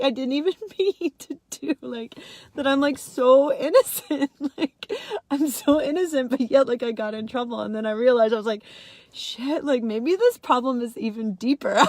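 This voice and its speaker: A woman's voice: no room sound, studio quality. A young woman telling a personal story in a casual vlog, laughing often and filling her talk with "like". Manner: giggly, says "like" constantly, swings high when excited. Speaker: vlogger.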